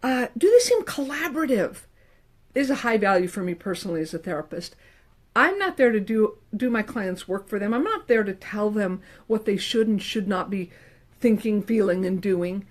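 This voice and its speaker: Animated woman counselor giving advice. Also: medium pitch, normal speed. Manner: animated, emphatic, with playful quoted asides. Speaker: licensed professional counselor. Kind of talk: casual advice talk to camera.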